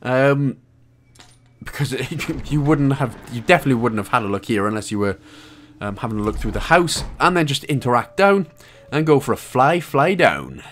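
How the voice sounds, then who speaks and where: A Welsh man talks the listener through a video game walkthrough in a jokey, chatty way, throwing in the odd swear word. His pitch rises and falls a great deal, keeping the delivery animated. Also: normal speed, faint music behind. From Wales. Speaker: gaming guide host.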